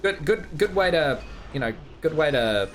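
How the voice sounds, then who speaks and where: Man, New Zealand accent, game streamer; animated, bouncy delivery, rambling crude banter. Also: on the high side, moderate pace, faint music behind. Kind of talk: casual livestream chat.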